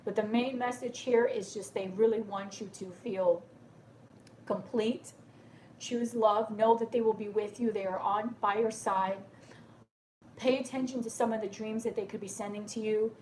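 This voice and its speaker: A woman's voice: medium pitch, fairly even intonation, normal speed, darkish tone, slight background noise. A woman doing a live tarot reading for viewers, speaking in a soothing, reassuring way and often checking in with "okay?", sounding tearful and emotional. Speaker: tarot reader.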